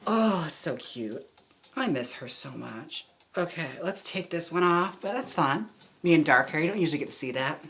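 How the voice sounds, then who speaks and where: A man streaming live as a drag performer and wig stylist, trying on wigs and chatting in a campy way with quick laughing asides. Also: on the high side, fairly bright tone. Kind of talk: casual live-stream chat.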